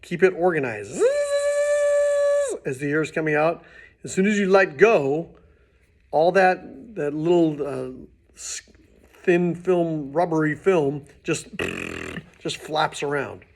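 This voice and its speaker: A man teaching beginning trumpet, his voice sitting a little higher than most men's. He explains patiently and casually, now and then restarting a phrase as he demonstrates. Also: sing-song, takes it slowly, creaky. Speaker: music teacher. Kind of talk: instructional demonstration.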